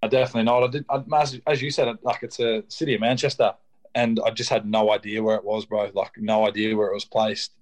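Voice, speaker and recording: A young Australian man speaks in a low voice that barely rises or falls. His delivery is relaxed and full of fillers, in the manner of a casual interview. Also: fast. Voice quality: flat, laid-back delivery with many fillers. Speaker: guest, rugby league player.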